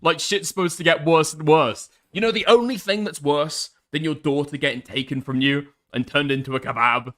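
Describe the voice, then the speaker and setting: A man's voice: a little high, normal speed, few pauses, fairly bright tone. Sarcastic, laughing man. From United Kingdom. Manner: sarcastic, laughing, heavy swearing. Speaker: commentary streamer. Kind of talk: casual reaction commentary.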